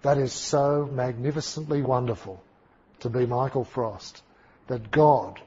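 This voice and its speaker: A man delivering a sermon in a husky, slightly breathy voice at a middling pitch. He tells stories dramatically, leaning hard on some words and dropping to a hush on others. The recording sounds dull and muffled. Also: measured pace. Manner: dramatic, emphatic storytelling with big swings in volume. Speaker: preacher.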